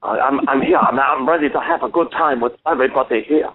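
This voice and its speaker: A man voicing an excitable male duck puppet as a ventriloquist, in a high, squeaky, stammering voice, heard over a tinny phone line. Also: fast. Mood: eager.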